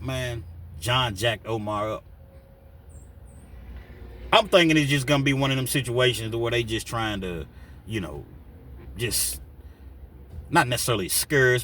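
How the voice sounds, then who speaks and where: A man's voice: medium pitch, slight background noise. A man telling a story in a casual, slangy way, acting out what people said. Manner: animated, slangy, acts out quotes.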